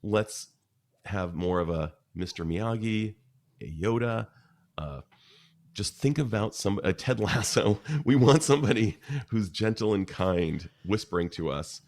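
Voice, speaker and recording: Deep gravelly man, earnest guest. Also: lively intonation, measured pace, darkish tone. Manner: earnest, searching for words mid-sentence. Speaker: podcast guest, psychologist. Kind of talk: conversational interview.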